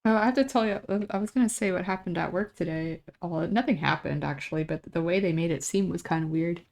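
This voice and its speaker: A young woman streams herself drawing and chats casually as she works. She tells a meandering story and laughs often, and her voice has a gravelly creak at the ends of phrases. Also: lowish voice, fast, darkish tone. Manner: rambling storytelling with frequent laughter.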